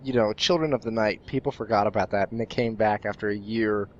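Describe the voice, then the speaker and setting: A man with a low voice co-hosts a casual online chat about animation. He comes across as eager and keeps jumping in with quick asides. His mic sounds dull and lo-fi. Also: fairly even intonation. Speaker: co-host and hobby animator.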